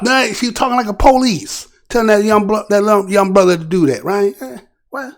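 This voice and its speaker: A man's voice: high-pitched, brisk, faint music behind. A man hosting his own news commentary show, talking casually and animatedly, often asking "right?" and restarting his phrases. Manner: rhetorical, repeatedly asks "right?".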